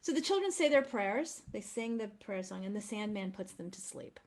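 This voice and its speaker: A woman's voice: medium pitch, animated, normal speed, darkish tone. A woman presenting opera program notes in an effusive, enthusiastic manner.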